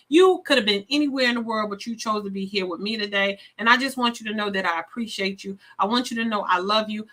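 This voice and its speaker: A woman hosting a live stream, speaking warmly and effusively straight to her viewers, a little sleepy. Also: mid-range voice. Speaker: live show host. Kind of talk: casual live-stream sign-off.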